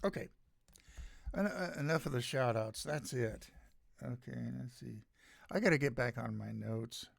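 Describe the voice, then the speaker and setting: An older American man hosts his own show, ranting in a halting, sardonic way, with many pauses as he searches for words. His voice is gravelly and he speaks at an unhurried pace. The recording is dry and close, with little room sound. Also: mid-range voice, no echo. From United States. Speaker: podcast host. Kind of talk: solo opinion rant.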